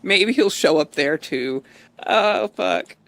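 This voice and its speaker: A man's voice: sits high, expressive, takes it slowly, creaky, a bit bright, dry recording. A man streaming a role-play game, rambling out of character in casual, profane chat and laughing often. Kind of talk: out-of-character gameplay commentary.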